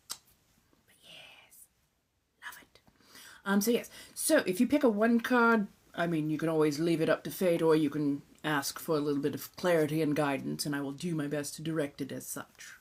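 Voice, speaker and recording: This is a woman from Southern California with a fairly low voice, chatting loosely on a phone live stream. Her ASMR talk is relaxed and easygoing, and she drops into breathy whispers between her normal lines. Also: normal speed. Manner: chatty and relaxed, drifts into soft whispered asides, casual swearing.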